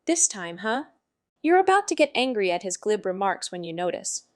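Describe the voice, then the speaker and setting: A woman's voice: mid-range voice, big pitch swings, normal speed, dry recording, studio quality, voice pushed down, close to an everyday voice. A woman voicing a brash, foul-mouthed male jester wizard who narrates in a sardonic, rambling way.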